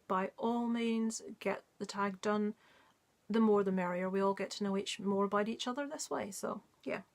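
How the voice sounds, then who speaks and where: A woman's voice: mid-range voice, creaky. A woman movie vlogger in casual chat, talking in a rambling way with many ums and asides.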